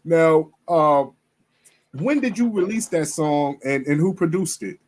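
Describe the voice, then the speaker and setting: A man's voice: on the high side, animated, unhurried, darkish tone. A man hosting a casual interview and asking a guest about her music. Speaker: interview host.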